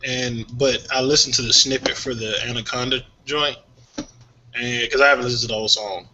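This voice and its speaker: A man co-hosting a casual music talk show, sharing strong opinions in a lively way and laughing often. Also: medium pitch, fairly quick, slight background noise. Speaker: podcast co-host. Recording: dull lo-fi sound.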